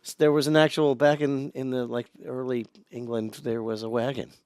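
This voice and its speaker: Male podcast co-host, gravelly, dry booth sound, animated joke-teller. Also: mid-range voice, moderate pace, dry recording. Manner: animated storyteller who acts out the characters in a joke. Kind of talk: casual chat, telling a joke.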